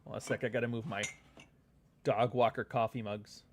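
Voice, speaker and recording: A man's voice: medium pitch, steady tone, brisk, a little hiss or hum. Rambling, profane man chatting casually. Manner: rambling and profane, with frequent laughs; reads viewer comments aloud. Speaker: author and livestream host. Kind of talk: casual livestream chat.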